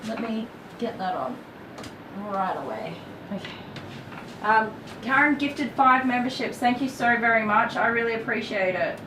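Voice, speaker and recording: A woman with an Australian accent, chatting casually on a livestream while grooming a dog, thanking viewers and coaxing the dog gently. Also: a little high, animated, measured pace. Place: indoor dog grooming room. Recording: echoey, distant, noisy room.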